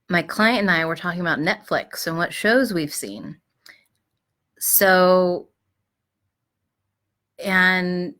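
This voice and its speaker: Gentle, bright-voiced woman giving advice. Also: fairly low pitch. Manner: gentle, reflective, frequent fillers and restarts. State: clearing her throat. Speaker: host of advice show. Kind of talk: live-streamed advice talk.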